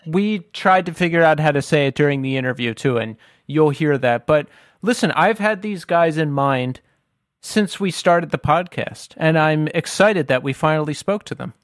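A man co-hosting a casual podcast, his voice sitting a little high for a man. He teases his partner and swears freely. The sound is dry and close, with no room echo. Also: animated, moderate pace. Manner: teasing, joking, swears freely. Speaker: podcast co-host.

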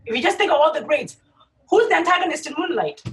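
A woman's voice: very high-pitched, quick pace, recorded from a distance, low-quality recording. A woman chatting casually and emphatically, acting out her reactions as she talks. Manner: animated, emphatic, acts out reactions. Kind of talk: casual chat.

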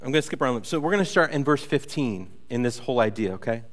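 A man preaching a conversational sermon as a pastor, telling stories with playful, animated asides. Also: mid-range voice, fast, big-room sound.

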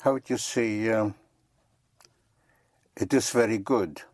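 A French teacher giving a slow, patient one-on-one lesson and spelling words out letter by letter. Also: mid-range voice, darkish tone, no echo, clean studio sound.

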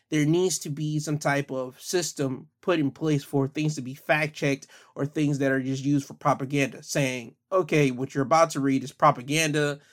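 A man giving casual commentary on the news, talking conversationally with frequent fillers. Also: on the high side.

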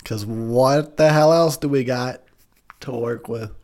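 A man's voice: medium pitch, takes it slowly, a little mellow. A tipsy man giving drunken movie commentary, ranting with lots of swearing and laughter. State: tipsy from drinking.

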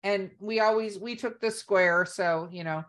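A woman's voice: medium pitch, unhurried. A woman co-hosting a podcast in casual chat, talking in a chatty way full of "like". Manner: chatty, lots of "like". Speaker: podcast co-host.

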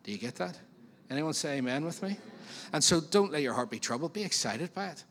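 A man preaching a sermon as pastor, in a chatty, animated way with frequent questions to the congregation. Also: fairly high pitch, brisk. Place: church auditorium. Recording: long reverb of a church hall.

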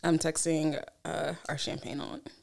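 A woman's voice: low-pitched, level tone, measured pace, creaky, darkish tone. A young woman co-hosting a podcast in casual chat, telling stories animatedly, swearing freely and laughing often. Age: young adult. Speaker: podcast co-host.

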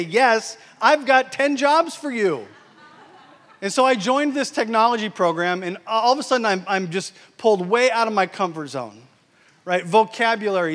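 A man giving a sermon as a guest preacher, telling a story in an animated way that swings between loud and hushed. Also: sits high. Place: church. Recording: church hall reverb.

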